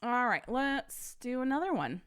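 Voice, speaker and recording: A woman's voice: fairly high pitch, big pitch swings, unhurried, a bit bright, clean tone. A woman hosting a casual live-streamed podcast, chatting with viewers and reading a story aloud, laughing often.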